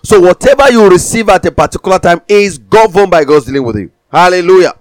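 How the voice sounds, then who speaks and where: A man's voice: sits high, expressive, quick pace, dry recording. A man preaching a sermon, emphatic, with repeated declarations.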